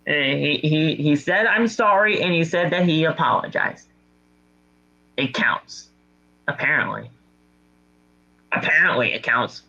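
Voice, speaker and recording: Man, podcast co-host, bright forceful voice, slightly high, dull lo-fi sound. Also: unhurried, creaky, long pauses. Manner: animated storytelling with mock voices and exasperated jokes. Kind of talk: casual podcast chat recapping wrestling.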